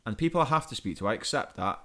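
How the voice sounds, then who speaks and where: Fast-talking ranting man. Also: medium pitch, lively intonation, bright, forceful tone. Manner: exasperated, ranting, stammers and repeats words. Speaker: podcast co-host. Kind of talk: casual comedic rant.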